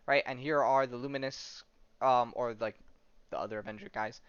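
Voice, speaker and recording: A man's voice: medium pitch, steady tone, moderate pace, fairly bright tone, smooth, dry recording, muffled recording. A man hosting a podcast, rambling through a comic story in casual chat and acting out the characters' lines with lots of fillers. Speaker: podcast host.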